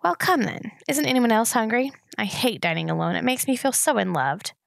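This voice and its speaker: Menacing sarcastic rat, male, gravelly edge, read by a woman. Mocking, theatrical. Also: on the high side, lively intonation, fairly quick, no room sound, studio quality.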